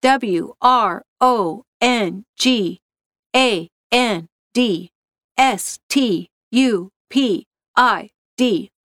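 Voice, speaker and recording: A woman's voice: a little high, animated, a little slow, no echo, studio quality. A woman voicing Shonda, a nervous woman coworker who speaks carefully. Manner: careful, spelling things out.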